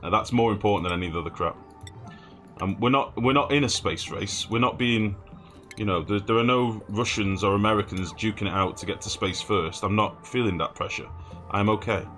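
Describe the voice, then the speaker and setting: Deep-voiced man streaming a game. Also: a little fast, a bit bright, soft background music. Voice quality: swears freely, chatty and offhand. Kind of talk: casual gameplay commentary.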